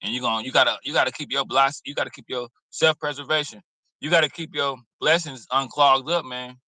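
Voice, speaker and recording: A man's voice: mid-range voice, steady tone, a little fast, sharp tone, no echo, poor audio. A man giving blunt, preachy, streetwise commentary in a casual reaction video, cursing freely. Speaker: commentary host.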